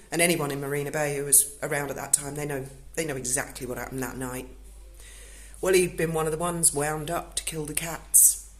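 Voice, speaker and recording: A woman's voice: low-pitched, fairly even intonation, moderate pace. A woman, telling a personal story in casual speech, emotional and blunt and swearing freely.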